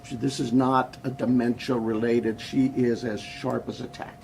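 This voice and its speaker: A man with a gravelly, dark voice answers questions at a press conference. He rambles, stops to restart, and doubles up on his words. Faint room ambience sits under his voice. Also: medium pitch, flat delivery, slight background noise. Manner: halting, rambling, repeats words.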